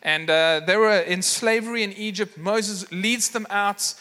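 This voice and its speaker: A man's voice: sits high, steady tone, measured pace, sharp tone. A man preaching a sermon, telling a story with acted voices and lots of fillers. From South Africa. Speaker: pastor. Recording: long hall reverb.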